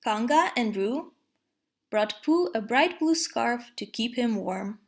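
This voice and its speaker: A woman reads a children's storybook aloud at a slow, unhurried pace. Her voice sits fairly high and has a gravelly edge. She stays calm and even throughout. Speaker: storybook reader.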